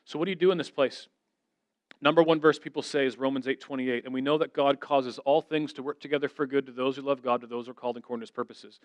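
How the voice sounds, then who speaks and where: A man's voice: medium pitch, fairly even intonation, fast talker, no room sound. A middle-aged man giving an earnest, conversational sermon as a guest speaker, telling stories and voicing the people he quotes.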